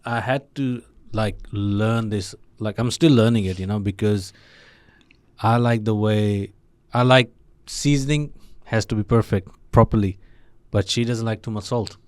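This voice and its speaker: A man from India in a casual podcast conversation, emphatic and swearing freely when he gets animated. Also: fairly low pitch, measured pace, dry recording. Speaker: podcast guest.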